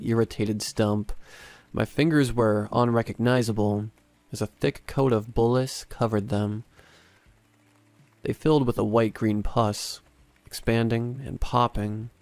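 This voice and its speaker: A man narrating a first-person horror story in a measured, dramatic way. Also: fairly low pitch, a little mellow, dry recording.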